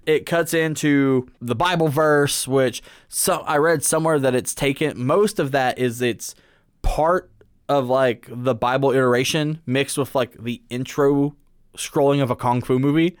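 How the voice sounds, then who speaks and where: A man casually talking through a movie, animated and laughing as he recounts scenes. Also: medium pitch, unhurried, clear, resonant tone, dry recording, studio quality. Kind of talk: casual film discussion.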